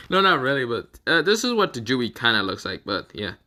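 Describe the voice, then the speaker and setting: A man's voice: medium pitch, sing-song, a little fast, pushed and bright. A man telling an improvised fan story in a casual, profane way, laughing at his own jokes.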